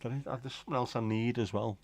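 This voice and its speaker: A man's voice: medium pitch, steady tone, quick pace. A man hosting a casual livestream, rambling and joking with viewers and swearing casually. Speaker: livestream host. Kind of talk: casual chat reading viewer comments.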